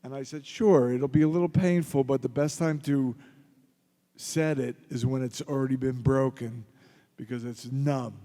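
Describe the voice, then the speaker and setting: A middle-aged man from Philadelphia, a convention panel guest answering audience questions with joking, gruff anecdotes. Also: mid-range voice, fairly even intonation, normal speed, dark tone. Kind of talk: audience Q&A storytelling. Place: large convention hall. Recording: long hall reverb.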